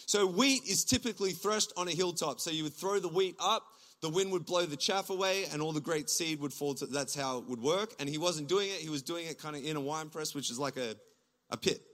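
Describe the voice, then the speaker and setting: An Australian man, a pastor, preaching a lively sermon from a church stage, his voice climbing to near-shouts. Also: a little high, fairly quick. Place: church stage before a congregation.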